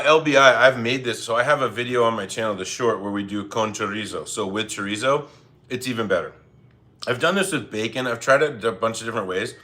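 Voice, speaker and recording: Bright-voiced man hosting a cooking stream. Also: fairly low pitch. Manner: chatty, laid-back, apologetic asides, reads chat. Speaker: cooking livestream host. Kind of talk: casual cooking livestream chat. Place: home kitchen.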